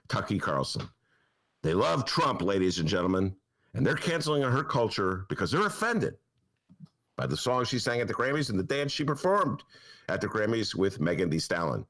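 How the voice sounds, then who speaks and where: Animated, sarcastic man hosting. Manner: animated and sarcastic, jumps to high mock voices. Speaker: podcast host, newspaper columnist. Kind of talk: casual comic monologue.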